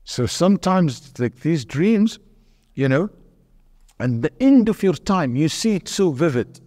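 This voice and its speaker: A man's voice: fairly high pitch, very animated, unhurried, warm tone, big-room sound. A man, a sheikh, teaching a religious lesson, earnest and storytelling, putting questions to his audience and answering them.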